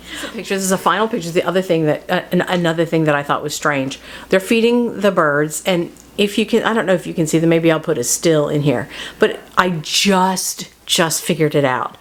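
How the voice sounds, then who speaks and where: A woman hosting a casual book talk who chats loosely, often laughs and breaks off mid-sentence. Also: on the low side. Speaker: host. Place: home studio.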